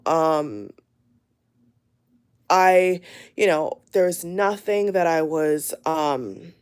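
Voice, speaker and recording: A woman's voice: lowish voice, a little mellow. A woman hosting her channel, speaking casually and earnestly to her viewers, rambling and repeating herself with many fillers. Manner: earnest and emphatic. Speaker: channel host. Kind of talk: casual spoken warning to viewers.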